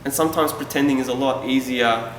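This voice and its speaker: A man's voice: mid-range voice, fairly even intonation, brisk, slight background noise. A man from Yugoslavia telling a personal story to a live audience, speaking candidly and casually with self-deprecating asides. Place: event hall. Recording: echoey hall from far off.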